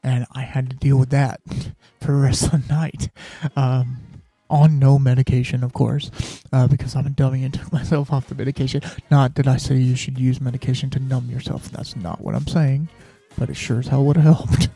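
Gravelly dark-voiced man telling a story. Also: mid-range voice, level tone, normal speed, dry recording, faint music behind. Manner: candid and rambling, drops to a whisper when quoting his own thoughts. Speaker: podcast host. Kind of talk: casual personal storytelling.

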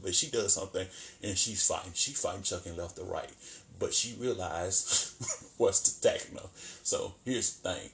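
Animated, laughing man recapping a show. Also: low voice, unhurried, gravelly. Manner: animated, colloquial, laughs often. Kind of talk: casual commentary.

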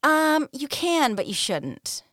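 A woman's voice: high-pitched, sing-song, slow, fairly bright tone, dry recording, studio quality. A woman hosting a casual podcast, laughing often and using lots of fillers. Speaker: podcast host.

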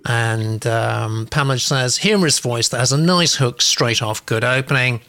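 A man's voice: mid-range voice, moderate pace, sharp tone. A man hosting a live stream, chatty, reading out viewer comments with asides. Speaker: host.

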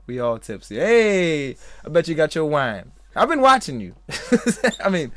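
A man's voice: fairly high pitch, wildly swooping pitch, normal speed, sharp tone, no echo, studio quality. A man hosting a podcast in a casual, rambling way, a little tipsy, laughing often and talking to live chatters. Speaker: podcast host. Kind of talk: casual live-stream chat.

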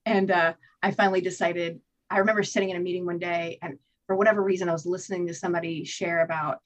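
A woman guest telling her own recovery story in an interview, candid and animated, swearing freely and acting out what she told herself. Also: lowish voice, fast, highs cut off. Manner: candid, animated storytelling with profanity and acted-out inner voices. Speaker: podcast guest.

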